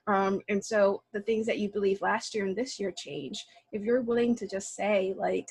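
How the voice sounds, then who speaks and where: A woman's voice: mid-range voice, darkish tone, breathy edge, no room sound, low-quality recording. A woman speaking as a panelist in a casual online discussion, reflective and thoughtful, often restarting her sentences. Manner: reflective, frequent restarts and fillers.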